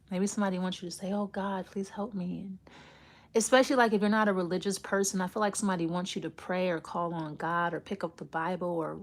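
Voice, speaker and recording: A woman giving a casual tarot reading, rambling and intuitive, often trailing off and starting her thoughts over. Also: mid-range voice. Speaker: tarot reader.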